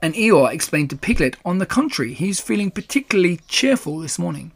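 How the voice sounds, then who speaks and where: A man reading a children's storybook aloud in a measured, gentle way. His voice sits slightly high for a man. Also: big pitch swings, vocal fry. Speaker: narrator.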